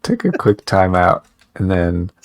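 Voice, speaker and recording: A man's voice: low voice, big pitch swings, measured pace, no echo. A man co-hosting a podcast, chatting in a loose, rambling, joking way. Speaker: podcast co-host. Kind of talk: casual podcast chat.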